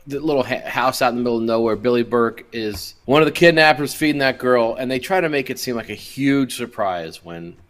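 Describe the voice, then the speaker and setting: A man's voice: mid-range voice, lively intonation, brisk, few pauses, a bit bright. A man co-hosting a podcast, making dry, sarcastic remarks while recapping a movie. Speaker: podcast co-host. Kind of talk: casual chat, recapping a movie.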